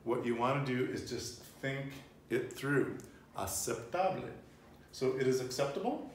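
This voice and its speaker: A man's voice: medium pitch, steady tone, moderate pace. A man teaching a casual Spanish lesson, patiently prompting his learner and repeating her answers. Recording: roomy, distant mic with faint noise.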